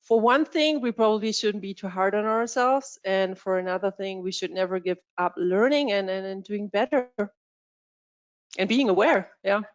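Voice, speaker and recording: A woman hosts a webinar interview over a video call. She answers her guest attentively and encouragingly, with a voice of ordinary pitch for a woman. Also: moderate pace. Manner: attentive, encouraging, frequent affirmations. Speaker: webinar host.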